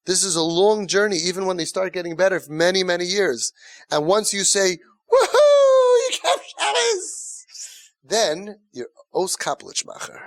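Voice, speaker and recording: A man's voice: sits high, brisk, no echo, studio quality. Emphatic man coaching parents. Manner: emphatic, repetitive, animated. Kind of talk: lecture to parents.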